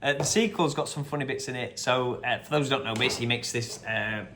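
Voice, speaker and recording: Over crowd noise, a man with a medium-pitched voice hosts a quiz and runs through the answers casually. He rambles chattily, uses lots of fillers and drops in quick impressions of quotes.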